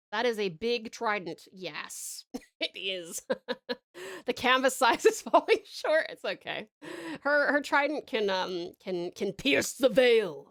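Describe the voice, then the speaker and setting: An Australian woman from Tasmania chatting softly to viewers while she draws, affectionate and rambling with little chuckles. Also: medium pitch. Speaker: streamer. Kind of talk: casual livestream chat while drawing.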